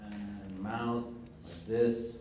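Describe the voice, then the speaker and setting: A man leading a teacher training workshop in a classroom, talking in a casual, halting way with many fillers and restarts. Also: lowish voice, steady tone, mellow, soft background music. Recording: echoey room from far off.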